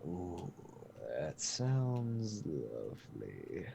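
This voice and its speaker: A courteous, overly formal adventurer, as a man puts him on, choosing elaborate, polite phrases. The voice sits low with lively swings, and faint noise runs underneath. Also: very slow, vocal fry, dull audio, exaggerated voice.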